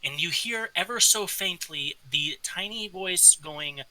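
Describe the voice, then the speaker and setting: A man's voice: high voice, a little slow, hardly any pauses, bright, forceful tone, poor audio. A man narrating as game master of a tabletop game, describing scenes with casual fillers.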